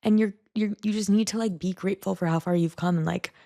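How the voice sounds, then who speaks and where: A woman's voice: fairly low pitch, fairly even intonation, quick pace, vocal fry, mellow, dry recording, studio quality. A young woman vlogging a candid, rambling personal monologue, full of "like" fillers. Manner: rambling, frequent "like" fillers, self-critical venting.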